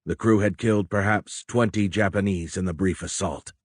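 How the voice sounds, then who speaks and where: A man narrating a war novel as an audiobook in a measured, steady storytelling manner, close on a studio mic. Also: low voice, dry recording.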